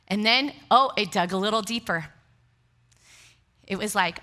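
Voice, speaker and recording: A woman's voice: mid-range voice, unhurried, long pauses. A woman pastor telling a personal story in a sermon, acting out the dialogue with laughter. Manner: animated, acts out dialogue with laughs. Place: church stage.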